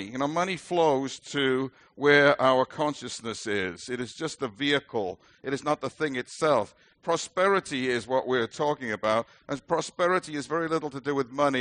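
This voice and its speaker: A man's voice: medium pitch, a bit bright, no echo. A middle-aged man with a British accent preaching a sermon as a minister, earnest and emphatic with light self-deprecating humor.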